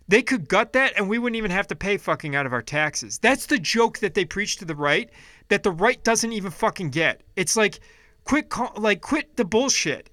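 A man's voice: sits high, sharp tone, no echo. A man hosting a podcast, reading news aloud and breaking into angry, profanity-laden rants. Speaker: podcast host. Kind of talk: ranting political podcast.

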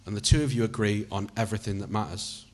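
Bloke reading a story to "you", lowish husky voice, chatty. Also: male voice, steady tone, fast talker. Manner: second-person narration, conversational, swearing. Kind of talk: audiobook reading.

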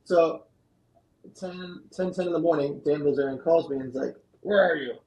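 An animated man recounting a business story as a podcast guest. His voice sits a little high but stays mellow and warm. He rattles through events in quick bursts. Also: poor audio. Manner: animated, fast-moving anecdotes. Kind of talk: storytelling interview answer. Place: podcast studio.

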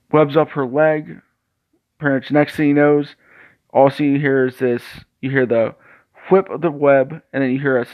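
A man's voice: mid-range voice, dry recording. A man retelling a comic book story in a loose, casual way, quoting the characters in his own voice. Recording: dull lo-fi dry sound.

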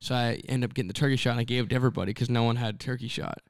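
A young man chatting on a podcast, talking fast and repeating himself as he explains. His voice is smooth and mid-pitched. The sound is dry and close. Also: steady tone, dry recording. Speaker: podcast co-host. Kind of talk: casual chat.

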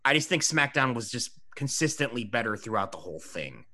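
A man's voice: mid-range voice, very animated, a little fast, bright, forceful tone. A young man co-hosting a casual chat, hedging and saying "like" a lot. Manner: hedging, many likes. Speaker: podcast co-host.

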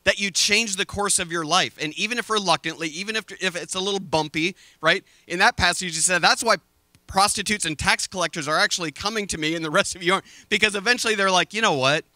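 A man preaching a sermon from a stage, telling a story with lively, acted-out quotes. He says he is sweating up here. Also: sits high, fast talker, no room sound. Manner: animated storytelling, acting out quoted voices. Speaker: pastor. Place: stage before a congregation.

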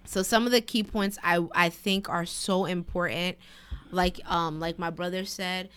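A woman's voice: on the low side, steady tone, a little slow, fairly bright tone, slight background noise. A woman co-hosting a podcast, giving matter-of-fact safety advice in a casual chat. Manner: matter-of-fact, many "mm-hmm" backchannels. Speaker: podcast co-host.

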